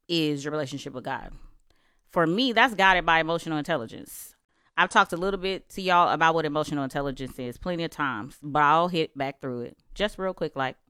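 A woman's voice: low voice, a bit bright, clean tone, no echo, studio quality. A woman giving casual advice on relationships in a talk, emphatic and conversational, often asking rhetorical questions.

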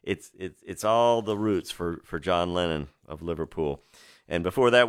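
A low-voiced man DJing a music radio show, chatty and enthusiastic as he tells stories between records. His delivery is loose, with frequent restarts, and the studio mic sound is dry and close. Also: moderate pace, smooth, no room sound.

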